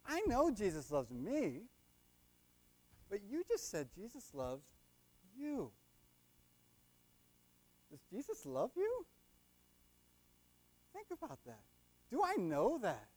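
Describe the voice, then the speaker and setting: Lively high-voiced man preaching. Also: slow pace, pauses often. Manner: repeats "right?" to the congregation; call and response with the audience. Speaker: lay preacher. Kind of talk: sermon.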